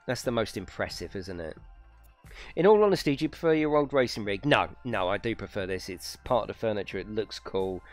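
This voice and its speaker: Guy chatting on stream from his racing rig, lively up and down voice, exaggerated and sweary. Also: fairly low pitch, fairly quick, faint music behind. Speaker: streamer hosting races. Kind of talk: casual live-stream chat. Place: home room in racing rig.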